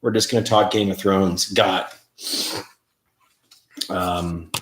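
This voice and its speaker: A man's voice: deep voice, fairly even intonation, slow pace, a bit bright. A man hosting a casual livestream, rambling and laughing as he reads viewer comments. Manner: rambling, laughs often, many fillers. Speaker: paranormal show host. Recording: roomy echo.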